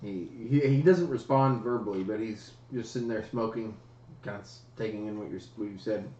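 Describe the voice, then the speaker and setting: A man narrating as game master of a tabletop game, with a relaxed, rambling delivery full of fillers. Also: fairly low pitch, fairly quick. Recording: roomy, dull livestream audio.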